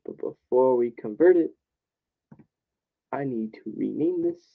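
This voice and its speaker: Guy muttering to himself making a video, gravelly voice bouncing all over, sounds like a cheap phone mic. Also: medium pitch, animated, unhurried. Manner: rambling, thinking aloud. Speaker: hobby video maker. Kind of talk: casual self-talk while recording. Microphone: laptop or computer mic. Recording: tinny phone-like audio.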